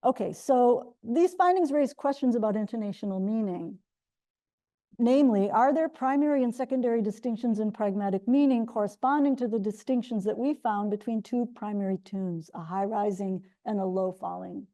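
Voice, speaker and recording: A middle-aged woman, a linguistics researcher, gives an academic colloquium talk in a lecture room, walking through her research step by step while often correcting herself and starting over. Her voice is on the high side and mellow, at a moderate pace.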